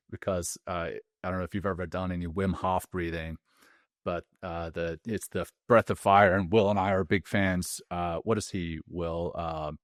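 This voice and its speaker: Very deep-voiced laid-back male host. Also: no echo, clean studio sound. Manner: loose, laughing, filler-heavy. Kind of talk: casual podcast conversation.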